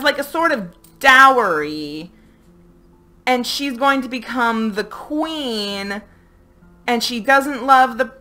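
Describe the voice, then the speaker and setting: A woman's voice: fairly high pitch, bright, forceful tone. A woman giving a casual, chatty book review with lots of fillers and playful asides.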